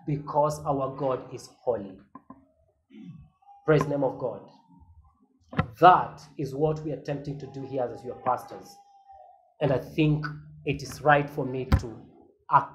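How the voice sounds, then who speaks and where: A man's voice: on the high side, fairly bright tone, a little hiss or hum, rough recording. A man preaching a sermon as pastor, earnest and emphatic, with a repeated refrain to the congregation.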